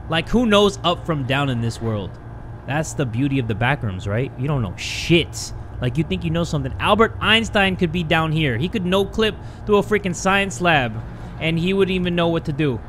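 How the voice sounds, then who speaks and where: A young man giving horror game commentary, excitable and swearing, talking to himself and yelping when startled. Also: fairly high pitch, normal speed, a little hiss or hum. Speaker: gaming YouTuber. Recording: game music loud behind voice.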